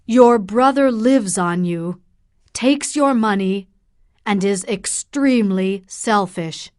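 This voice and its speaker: A woman's voice: mid-range voice, slow pace, a little mellow, no echo, studio quality, natural voice. A woman voicing a stern middle-aged male doctor and worried father, speaking in a firm, probing way in an audiobook.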